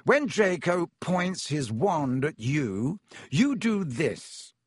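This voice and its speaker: A man's voice: on the high side, very animated, slow pace, slightly rough, dry recording, studio quality, voice pushed up, full character voice. Man voicing Lockhart, a flustered showy wizard. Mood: eager. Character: vain flustered showy male wizard teacher.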